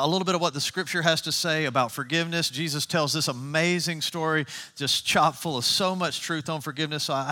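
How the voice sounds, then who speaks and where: A man preaching in a casual, storytelling way, his voice high and bright. He restarts phrases often as he talks. The sound carries a long reverb from a big hall. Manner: conversational, animated storytelling with restarts. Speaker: pastor. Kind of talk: sermon.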